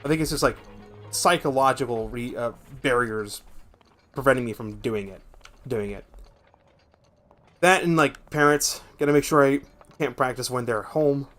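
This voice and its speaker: A young man with a gravelly voice, streaming a game from home and chatting in a rambling, profane way. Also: medium pitch, moderate pace, pauses often, a bit bright, faint music behind. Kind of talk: casual gameplay chat.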